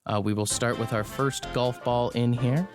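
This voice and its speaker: A man's voice: mid-range voice, steady tone, moderate pace, music in the background. A man co-hosting a podcast in a laid-back, joking casual chat. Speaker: podcast co-host.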